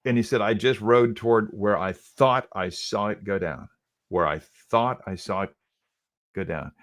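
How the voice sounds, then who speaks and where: A middle-aged radio host tells a story in a low, relaxed voice. He quotes the people in it again and again with "he goes" and often restarts his sentences. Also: measured pace. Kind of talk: casual storytelling.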